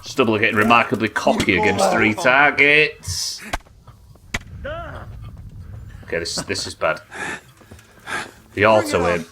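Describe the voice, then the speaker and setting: A man streaming a game live, commenting excitably and swearing as he plays. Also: lowish voice, takes it slowly, long pauses, a crowd in the background. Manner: excitable, sweary, talking to himself.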